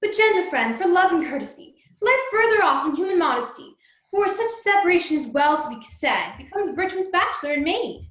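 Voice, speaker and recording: A young woman playing a modest young woman gently refusing her lover, speaking measured verse in an amateur student Shakespeare performance over an online call. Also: very high voice, big pitch swings. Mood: gentle. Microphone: video call. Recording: echoey room on a call.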